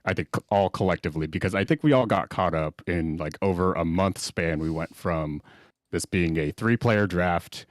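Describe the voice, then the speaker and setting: A man's voice: low voice, moderate pace, no room sound, clean studio sound. A man calling in to a live podcast, eager and blunt, rambling as he makes his point. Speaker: call-in listener. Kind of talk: casual call-in chat.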